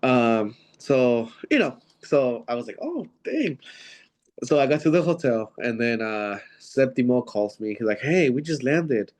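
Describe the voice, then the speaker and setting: A professional wrestler from Seattle, USA, is a guest in a casual interview, telling rambling anecdotes and acting out quoted dialogue with plenty of fillers. His mid-range voice has a darkish tone, a moderate pace and few pauses.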